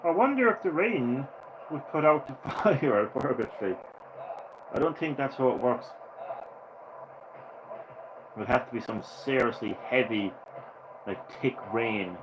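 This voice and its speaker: A man's voice: medium pitch, lively intonation, measured pace, long pauses, noisy background. Sarcastic, swearing game commentator man. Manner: sarcastic, profane ranting asides; rambling, self-correcting chatter. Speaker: gaming channel host. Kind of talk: let's play commentary.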